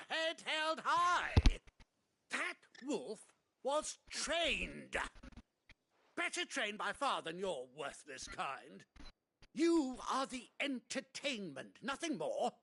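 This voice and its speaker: A man's voice: high-pitched, creaky, bright, forceful tone, exaggerated voice. A pompous cruel nobleman. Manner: pompous, indignant, theatrical. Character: haughty cruel nobleman, adult man, arrogant. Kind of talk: video game voice acting.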